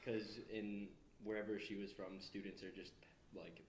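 A young man casually telling school stories, laid-back and quick to laugh, with frequent swearing. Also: fairly low pitch, little pitch movement, echoey room, slight background noise, poor audio. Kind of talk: casual storytelling chat.

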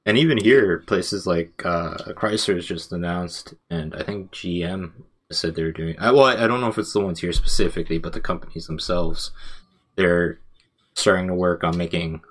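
A man's voice: deep voice, moderate pace, fairly bright tone. A man co-hosting a podcast in casual chat, rambling with many fillers and self-corrections. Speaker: podcast co-host.

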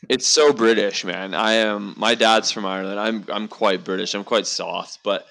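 A man hosting a podcast, rambling quickly and saying "like" a lot in casual banter with friends. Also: on the low side, fairly even intonation, vocal fry, a bit bright. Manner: rambling and fast, heavy use of "like". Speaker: podcast host. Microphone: podcast mic.

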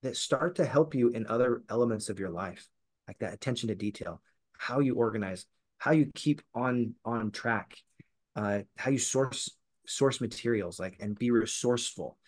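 A man's voice: medium pitch, normal speed. A man hosts a podcast interview in a mid-range voice. He talks in an enthusiastic, admiring way as he sets up his questions. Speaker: podcast host. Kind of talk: interview chat.

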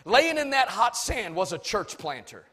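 A man preaching a sermon, swinging from loud shouts to soft asides. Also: high voice, big pitch swings, moderate pace.

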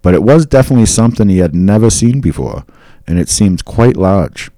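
A man's voice: on the low side, big pitch swings, fairly quick, warm tone, no room sound, studio quality. A man hosting a podcast, reading historical accounts aloud with casual asides. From New England. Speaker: podcast host. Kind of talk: casual storytelling from notes.

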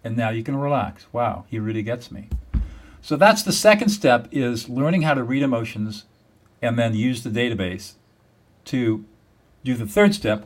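A man speaking as a guest in an interview, explaining a method step by step in an emphatic, repetitive teaching manner. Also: mid-range voice. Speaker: guest, mediator.

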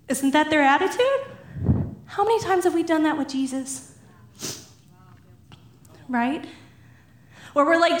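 A young woman giving a casual sermon, chatty and laughing, acting out Bible figures in animated voices. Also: high voice, measured pace, long pauses, reverberant. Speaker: preacher.

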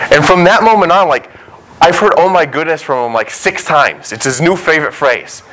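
A man's voice: fairly high pitch, lively intonation, a little fast, a bit bright, low-quality recording. A young adult male pastor preaching a sermon in a conversational way, acting out quotes and dialogue.

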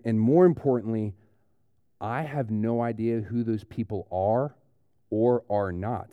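A man, preaching a conversational sermon and retelling a story with lively restarts. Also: medium pitch, dry recording, lo-fi sound. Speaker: pastor.

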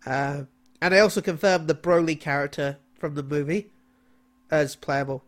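A man's voice: fairly high pitch, moderate pace. A man co-hosting a casual gaming podcast, talking with frequent ums and restarts. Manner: hesitant, many ums and restarts. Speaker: podcast co-host. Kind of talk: casual chat.

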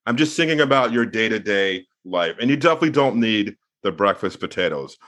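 A man's voice: lowish voice, lively intonation, brisk, fairly bright tone, no room sound, clean studio sound. A man co-hosting a podcast, riffing playfully with mock-serious buildups. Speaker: podcast co-host. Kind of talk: casual comedic chat.

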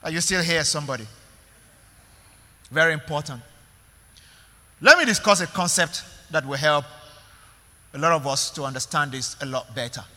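A man's voice: on the high side, normal speed, pauses often, bright, forceful tone, long reverb tail. A male pastor preaching a sermon in an emphatic way, repeating words and calling out to the congregation.

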